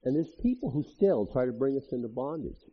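Male pastor, sermon read, husky voice, animated asides, muffled lo-fi recording. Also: medium pitch, brisk. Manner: conversational, animated preaching with asides. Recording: dull lo-fi audio.

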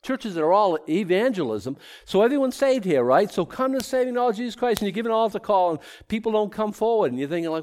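Pastor guy, kinda high voice that bounces all over, emphatic, lots of you know's. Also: fast, hardly any pauses. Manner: animated and emphatic, many fillers, pitch leaping on key points. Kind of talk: casual, heartfelt church talk.

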